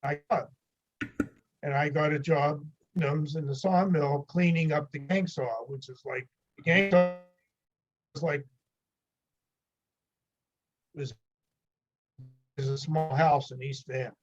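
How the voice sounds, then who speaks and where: A man's voice: on the high side, fairly even intonation, measured pace, long pauses, highs cut off, faint music behind. An older man from the United States, a podcast guest, telling rambling anecdotes with chuckles in a casual interview.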